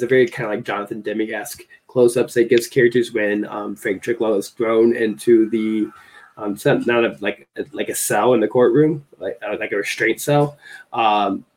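A man with a lowish voice talking through a film review in a relaxed podcast chat. He hesitates a lot, leaning on fillers and restarting his sentences as he searches for the right words. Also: slightly rough. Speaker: podcast co-host or guest.

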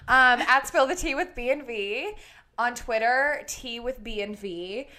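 Young woman, slightly high voice, co-host, casual rant energy, filler-heavy, laughs easily. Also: normal speed, sharp tone. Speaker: podcast co-host. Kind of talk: casual ranting chat.

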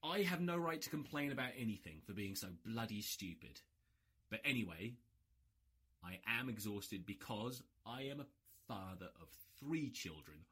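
A worn-out man hosts a solo podcast, cursing freely and mocking himself with dry sarcasm. His pitch leaps up and down as he rants, and his voice carries a husky edge. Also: moderate pace. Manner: sweary, sarcastic, animated ranting. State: exhausted. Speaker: podcast host. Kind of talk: solo rugby podcast rant.

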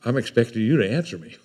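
A man's voice: medium pitch, a little mellow, husky. An older man with a drawl delivers a sermon. His talk is homespun and rambling. He often repeats words as he works his way toward a point. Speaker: preacher.

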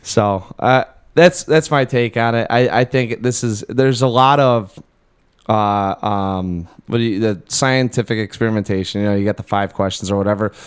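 A man's voice: lowish voice, normal speed, clear, resonant tone. A man co-hosting a podcast, chatting casually and thinking aloud with lots of fillers and restarts. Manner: laughs often. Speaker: podcast co-host. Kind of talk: casual chat.

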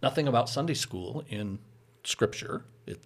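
A man's voice: medium pitch, animated, normal speed. A man who is a pastor, explaining church practice in a casual teaching chat, patient, with frequent chuckles.

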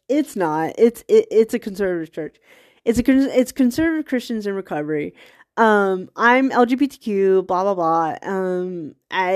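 A woman hosting a podcast, talking in a rambling casual monologue with laughing asides, a bit stuffy from a cold. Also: mid-range voice. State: has a cold, occasional coughs. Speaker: podcast host.

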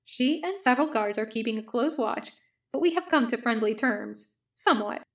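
A woman reading the lines of a calm, stern male army medic who speaks formally, without contractions. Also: fairly high pitch, moderate pace.

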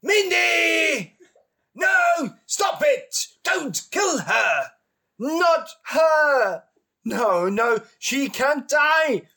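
A man voicing Jim, a panicked young man in an amateur read-aloud drama, shouting and pleading frantically. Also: a little high, steady tone, slow, vocal fry, few pauses, slightly rough, exaggerated voice. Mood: frantic.

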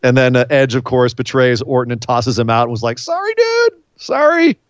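A man co-hosting a podcast in a casual recap chat, excitable and emphatic, sometimes choked up. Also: mid-range voice, fairly quick, clean tone, no room sound, muffled recording. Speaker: podcast co-host.

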